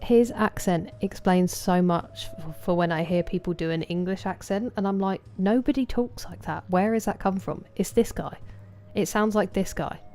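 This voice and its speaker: A woman's voice: fairly low pitch, steady tone, moderate pace, few pauses, warm tone. A young woman streaming a game, chatting casually with viewers and greeting them by name. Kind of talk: casual chat with viewers while gaming. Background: game music.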